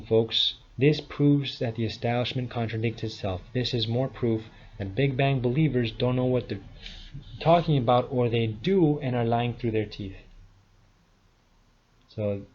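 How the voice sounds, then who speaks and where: A man's voice: mid-range voice, fairly even intonation, measured pace, a little mellow, a little hiss or hum. A man in his thirties giving a combative, scornful monologue rebuttal, full of insults. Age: 30s. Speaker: video commentator. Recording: dull lo-fi sound.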